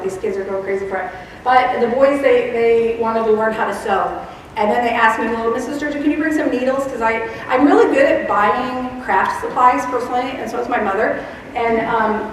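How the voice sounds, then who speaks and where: A woman with a slightly raised voice talks to a room in a chatty, rambling way, laughing at herself as she goes. She is picked up from far off in a big hall, with long reverb and faint noise behind her. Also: fairly high pitch. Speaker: teacher librarian presenting. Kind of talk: conference presentation.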